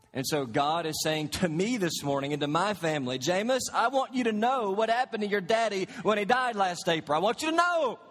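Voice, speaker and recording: A man in his thirties preaches to his congregation with a high voice. He tells stories, dropping to quiet tones and then climbing to loud, emphatic lines. The sanctuary carries a long, lingering reverb. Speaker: pastor. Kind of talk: sermon. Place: church sanctuary.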